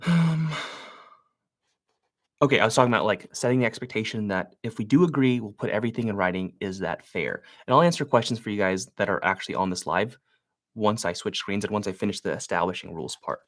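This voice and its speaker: A man's voice: fairly low pitch, quick pace. A man who invests in real estate, coaching on a live stream while making cold calls, talking loosely with plenty of filler words. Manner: loose and conversational, many "like" fillers.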